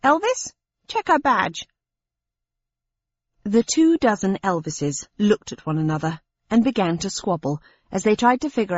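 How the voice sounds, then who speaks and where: A woman narrating a story in the first person, wry and steady. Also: low-pitched, no echo. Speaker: audiobook narrator. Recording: dry, slightly dull lo-fi sound.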